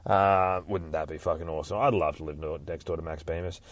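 A man's voice: low voice, steady tone, fairly quick, no echo. A man casually recapping a comic book in a rambling, heavily profane way. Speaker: podcast host recapping a comic.

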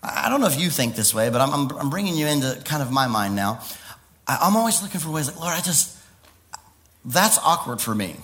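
A man preaching a lively sermon, laughing often, with sudden high exclamations and quiet stretches. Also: fast talker.

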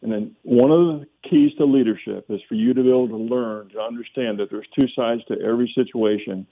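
Older man telling a story over a phone line. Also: mid-range voice. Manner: reflective, halting, many restarts and fillers. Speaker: former pro football player, guest.

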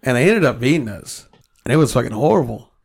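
A man's voice: mid-range voice, sing-song, fast talker, vocal fry, breathy edge. Man telling a story, swearing freely. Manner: storytelling, heavy swearing, quotes himself. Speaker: podcast co-host. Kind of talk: casual chat.

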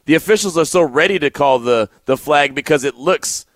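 On a sports talk radio show, a male host tells stories animatedly, often repeating words as he goes. His pitch is fairly high, his pace brisk, and the recording dry.

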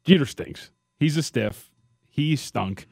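A man's voice: a little high, expressive, slow pace, creaky, slightly rough, no echo, studio quality. A man co-hosting sports radio, blunt and sarcastic, mocking athletes. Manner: blunt, sarcastic, bursts into loud chanting.

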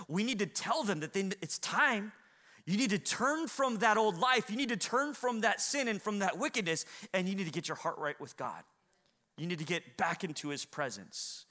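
High, bright-voiced preaching man. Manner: dramatic preaching, rising to near-shouts and dropping low. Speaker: pastor. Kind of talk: sermon. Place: church hall with congregation.

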